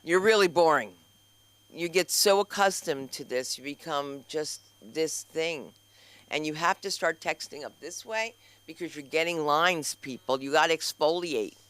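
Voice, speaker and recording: A man hosting a comedy open mic on stage, joking fast and talking straight to the crowd. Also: on the high side, fairly bright tone, clean tone. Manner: rapid, jokey, talks straight to the crowd. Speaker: comedy show host. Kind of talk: stand-up hosting banter.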